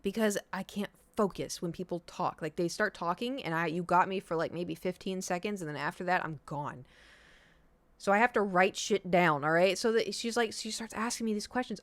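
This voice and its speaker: A woman in her thirties chatting casually on a live stream, telling a rambling, animated story with restarts and the odd swear word. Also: fairly low pitch, moderate pace, no echo. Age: 30s.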